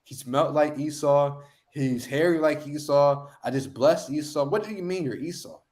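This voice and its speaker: A man's voice: a little high, moderate pace, darkish tone, close to an everyday voice. A man playing a trembling, bewildered old father. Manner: shaky, startled questioning.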